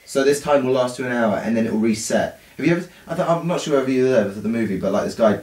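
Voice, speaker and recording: Young male co-host, chatty and halting, recorded far off in a roomy space. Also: mid-range voice, a little mellow. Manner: hesitant storyteller, many fillers. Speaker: podcast co-host. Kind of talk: casual chat. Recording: roomy, distant mic.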